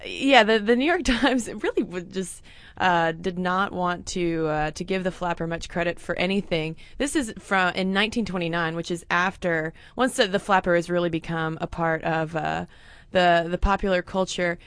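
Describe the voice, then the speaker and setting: A woman's voice: fairly low pitch, moderate pace, fairly bright tone, clean tone, no echo. A woman co-hosting a casual history podcast, laughing easily and thinking aloud with fillers. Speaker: podcast co-host.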